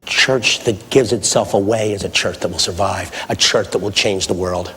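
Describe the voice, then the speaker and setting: A man from Philadelphia preaching a humorous sermon, telling stories lively and mimicking the shouts of a congregation. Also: fairly low pitch, moderate pace. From Philadelphia, USA. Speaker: guest preacher. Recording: archive talk in an echoey hall, faint noise.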